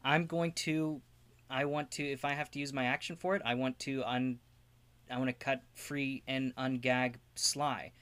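A man playing a tabletop game, talking in an excitable, casual way. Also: medium pitch, unhurried, clean tone, no room sound. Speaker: player.

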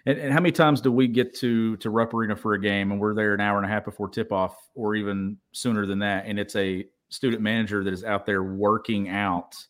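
Co-host guy, low flat voice, pretty monotone, just matter-of-fact. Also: fairly quick, hardly any pauses. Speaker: podcast co-host. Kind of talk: casual interview.

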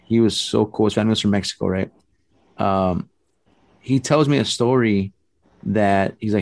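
A middle-aged man casually telling a story, animated and rambling, with restarts and acted-out quotes. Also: fairly low pitch, normal speed, creaky, pauses often, dry recording.

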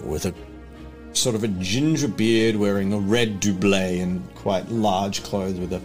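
A man narrating a tabletop role-playing game as game master, in a rambling, relaxed manner full of fillers. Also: on the low side, measured pace, soft background music.

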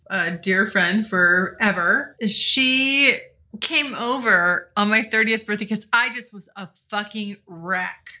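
Woman in her 40s rambling on her podcast, bright voice, swears a lot, laughs along. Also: mid-range voice. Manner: candid and chatty, swears freely, laughs often. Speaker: podcast host. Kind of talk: casual solo podcast chat. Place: home, morning with coffee.

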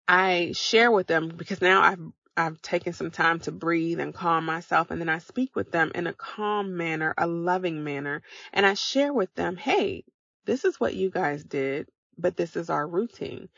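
A woman with a gravelly, fry-tinged voice talks her podcast listeners through simple steps in an encouraging, coaching way. The sound is dry and close, with a slightly dull, lo-fi tone. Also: lowish voice, moderate pace, fairly bright tone, no echo. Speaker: podcast host. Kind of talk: motivational podcast talk.

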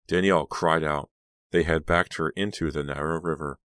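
A man narrating a horror audiobook in a steady, measured reading. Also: very deep voice, no room sound. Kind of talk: scripted narration.

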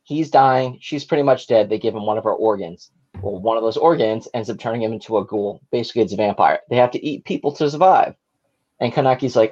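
A slightly tipsy man co-hosting a podcast over a video call, excitedly rambling through plot summaries in casual chat. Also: medium pitch, fairly quick, muffled recording. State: a little tipsy. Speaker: podcast co-host.

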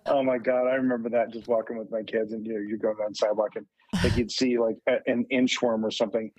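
Man, middle-aged, halting, filler-heavy storytelling, podcast guest, dry room. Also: fairly low pitch, flat delivery, a little mellow, dry recording, poor audio. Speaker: podcast guest, mental health advocate. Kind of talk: casual conversation, storytelling.

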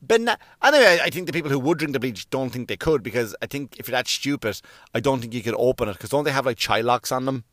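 A man's voice: mid-range voice, expressive, fast, a bit bright, no echo, clean studio sound. A man with an Irish accent, hosting and ranting in a sweary, sarcastic comic style. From Ireland. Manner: sweary, sarcastic, acts out silly voices. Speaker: podcast host. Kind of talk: profane comedic rant.

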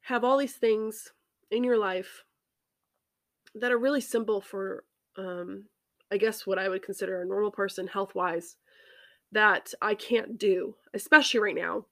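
A woman hosting a faith podcast, talking earnestly and haltingly with many ums and restarts, emotional and near tears. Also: mid-range voice, steady tone, sharp tone, no echo, studio quality. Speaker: podcast host. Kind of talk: personal faith reflection.

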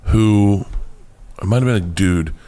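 A middle-aged man telling stories as a comedian guest in a casual interview, swearing freely and acting out quotes with sudden loud outbursts. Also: fairly low pitch, unhurried. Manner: animated storyteller, swears freely, acts out quotes loudly.

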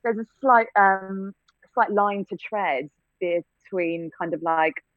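A woman's voice: medium pitch, slow, dry recording. A woman from England, an actor, answering interview questions reflectively with frequent restarts. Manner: reflective, many restarts and fillers, light laughs. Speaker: actor and theatre-maker. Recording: dry, phone-like line.

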